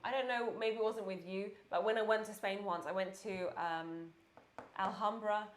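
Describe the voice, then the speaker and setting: A woman's voice: mid-range voice, steady tone, moderate pace, reverberant. A woman co-hosting a casual live-stream chat, telling rambling stories full of fillers. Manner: chatty, rambling storyteller with many fillers. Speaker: tech show co-host.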